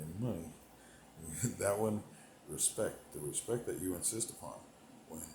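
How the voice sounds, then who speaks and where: A low-voiced male comedic performer delivers a rambling, profane monologue, drifting from thought to thought and laughing to himself as he swings between loud bursts and mumbled asides. The audio is poor and reverberant, with a bit of hiss or hum.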